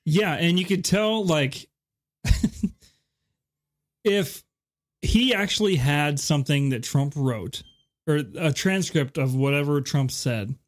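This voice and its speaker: A man's voice: on the high side, takes it slowly, long pauses. A man co-hosting a casual political podcast, chiming in with agreeable, chuckling asides. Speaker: podcast co-host.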